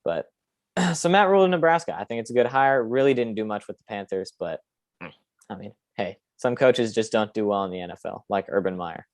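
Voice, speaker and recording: Brief: young male podcast host, low voice, dry close mic, opinionated, rambling. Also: expressive, fairly quick, dry recording. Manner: opinionated, rambling with frequent fillers. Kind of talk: casual sports podcast chat.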